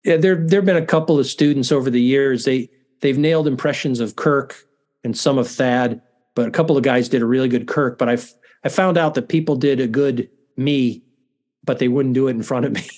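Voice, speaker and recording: A man's voice: mid-range voice, brisk, darkish tone. A middle-aged man, a university dean, chatting as a guest in a casual interview, self-deprecating and often restarting his sentences.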